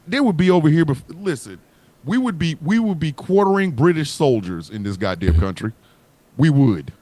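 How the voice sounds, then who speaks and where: Man, livestream host, casual chat, profane, animated, lively swooping pitch. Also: normal speed, no room sound. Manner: animated, profane, riffing with comic voices.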